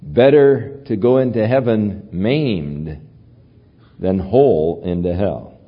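A man preaching a sermon as pastor, teaching from the Bible in a measured way. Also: fairly low pitch, expressive, breathy edge. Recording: dull lo-fi recording.

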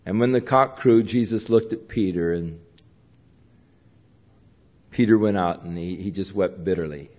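A man's voice: low voice, a little slow, pauses often, highs cut off. A male pastor giving a conversational sermon, retelling scenes and repeating himself.

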